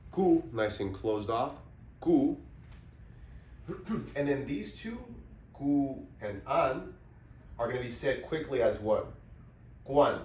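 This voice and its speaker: A man teaching Spanish pronunciation, patiently breaking words into syllables and repeating them, and clearing his throat often. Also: on the low side, recorded from a distance, slight background noise. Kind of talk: slow pronunciation lesson. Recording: echoey room, voice somewhat off mic.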